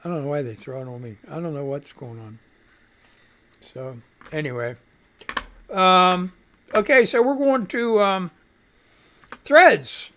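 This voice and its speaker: A man running a live radio show mutters and swears casually while frustratedly fixing his stream setup. His fairly high, slightly bright voice is expressive and unhurried, with long pauses, in casual live-stream commentary with slight background noise.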